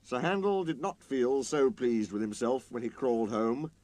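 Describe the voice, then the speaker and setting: A man reading a children's story aloud, in an expressive, lilting storytelling manner. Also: medium pitch, moderate pace.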